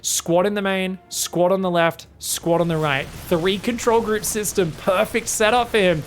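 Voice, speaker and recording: A man casting a live strategy game match, analytical and quick to yelp with excitement at big plays. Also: slight background noise. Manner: excitable, breaks into high yelps at big plays. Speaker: esports caster.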